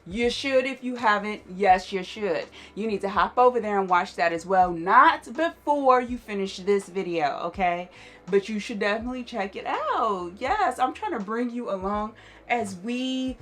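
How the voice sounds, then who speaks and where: A jet-lagged woman hosting a casual vlog from her closet room at home, talking straight to her viewers in an animated way. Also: mid-range voice, unhurried. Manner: animated, talks straight to viewers with repeated yeses and listens. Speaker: vlogger host. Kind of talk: casual chatty vlog to camera.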